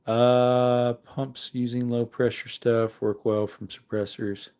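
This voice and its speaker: A man's voice: medium pitch, level tone, takes it slowly, darkish tone, smooth. A man casually chatting on a livestream, reading comments aloud while tinkering with parts. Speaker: livestream host.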